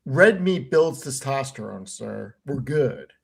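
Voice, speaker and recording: A man's voice: mid-range voice, animated, slow pace, vocal fry, slightly rough. A man co-hosting a live stream, chatting casually in an emphatic, jokingly bossy way. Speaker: stream co-host. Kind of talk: casual chat.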